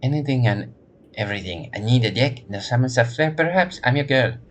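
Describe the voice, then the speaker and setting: A man voicing a smooth-talking dwarf woman tech vendor from a video game, speaking in brisk sales patter. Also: medium pitch, animated, pitched above the performer's own voice, close to an everyday voice. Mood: salesy.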